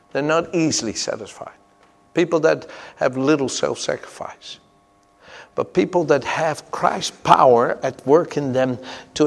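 A man with a fairly high, gravelly voice preaches a fervent, emphatic sermon, weaving personal stories into his message. The recording carries the long reverb of a large hall.

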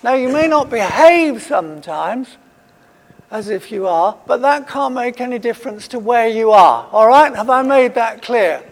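Slow, high-voiced male preacher in a hall. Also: expressive, gravelly. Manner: emphatic, repeats key phrases. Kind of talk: sermon. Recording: long hall reverb.

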